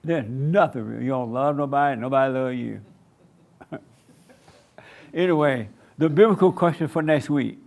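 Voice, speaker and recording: A pastor delivers a sermon to a small congregation gathered in a church meeting room. His medium-pitched voice is creaky and somewhat dark, and he emphatically repeats short commands, slowing down to draw out words for effect.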